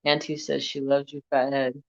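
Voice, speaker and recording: A man's voice: medium pitch, takes it slowly, a bit bright, muffled recording. An American man chatting casually and playfully about his pets and talking to them, as a craft channel host.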